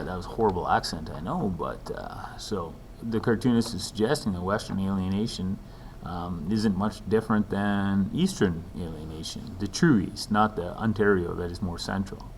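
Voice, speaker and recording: A man's voice: low voice, moderate pace, slight background noise. A man teaching a recorded lesson in a conversational way, with frequent ums and dry asides. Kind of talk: recorded lecture walkthrough.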